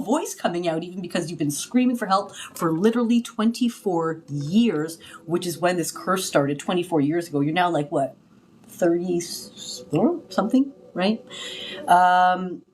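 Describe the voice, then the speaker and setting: A woman talking casually to a live stream as a spiritual healer, rambling and confiding with many restarts, breaking into loud cries when she acts out others. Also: fairly low pitch, slight background noise. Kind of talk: casual livestream talk. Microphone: phone.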